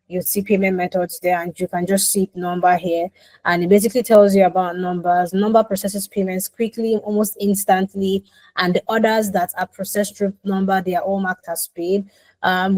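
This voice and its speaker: A woman's voice: medium pitch, a little mellow, no room sound, low-quality recording. A woman presenting a product demo on a video call, explaining step by step with frequent ums.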